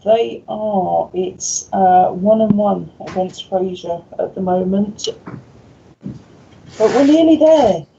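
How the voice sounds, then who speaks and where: Brief: female co-host, dry and tired, mellow fry, muffled call sound. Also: medium pitch, slight background noise. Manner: dry, tired, quick to correct others. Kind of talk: live sports chat show.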